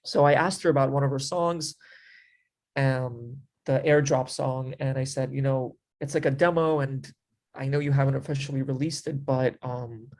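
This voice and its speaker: A man of ordinary pitch tells a story in loose, easygoing chat. His talk wanders and fills up with little fillers. Now and then he slips into quoting what he said back then. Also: steady tone, normal speed, darkish tone. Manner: rambling, filler-heavy with frequent 'like' and 'you know'; acts out his own past remarks in quotes. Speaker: interview guest telling a story. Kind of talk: casual storytelling.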